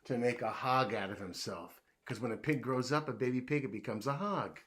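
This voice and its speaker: A man reading a children's riddle book aloud in a playful way, posing each riddle and then answering it himself, dropping to a hushed voice when he plays the puzzled guesser. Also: mid-range voice, fairly quick, a little hiss or hum.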